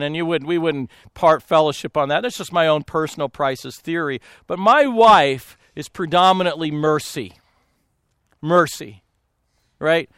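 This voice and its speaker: Man, pastor, storytelling talk, animated, laughs often, high-pitched, dry close mic. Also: smooth, dry recording. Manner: animated, laughs often, acts out quoted voices.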